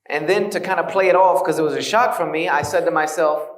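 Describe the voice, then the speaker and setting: A man with a slightly high voice tells his story to a hall, earnest and now and then wry. The sound is roomy, and he stands some way from the microphone. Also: fast talker, distant mic. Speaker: speaker giving a lecture on his conversion. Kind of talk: conversational lecture.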